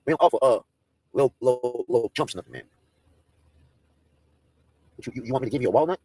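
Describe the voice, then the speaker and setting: A man's voice: mid-range voice, lively intonation, fast, darkish tone, slightly rough, no room sound. A man in a profane, taunting livestream rant, mocking and daring his targets.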